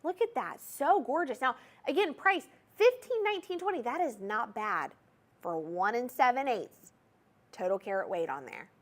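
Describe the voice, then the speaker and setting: Woman, young, Southern US accent, TV shopping host, chatty, salesy, higher voice. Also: a bit bright. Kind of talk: TV shopping presentation.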